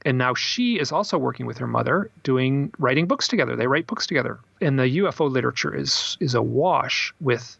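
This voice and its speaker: Man, gravelly husky voice, animated storytelling, dry slightly dull recording. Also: mid-range voice, brisk, hardly any pauses, dry recording. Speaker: author and podcast guest. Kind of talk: storytelling in a casual interview.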